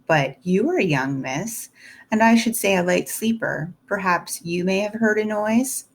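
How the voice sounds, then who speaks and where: A woman voicing a cool, composed middle-aged female servant who speaks in a measured, prim way. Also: mid-range voice.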